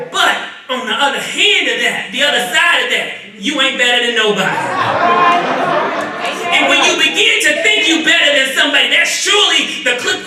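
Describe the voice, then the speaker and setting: High-voiced man preaching in an echoey church. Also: recorded from a distance. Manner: preaching that swells into shouts. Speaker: minister. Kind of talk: call-and-response sermon. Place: large church sanctuary. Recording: echoey church miked from afar, congregation audible.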